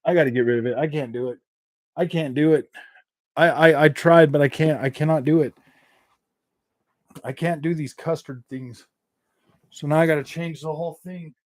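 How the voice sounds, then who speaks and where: A man's voice: fairly high pitch, moderate pace, long pauses, no echo, studio quality. Rambling man hosting a gaming livestream. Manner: rambling, repeats himself, laughs often. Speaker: gaming channel host. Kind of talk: casual livestream chat.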